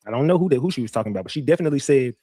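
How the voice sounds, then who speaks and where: A man's voice: medium pitch, rapid-fire, dry recording, clean studio sound. A man streaming casual commentary, telling a story with lots of swearing and repeated words, and talking straight to his viewers. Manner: profane, animated storytelling with repeats; addresses viewers directly.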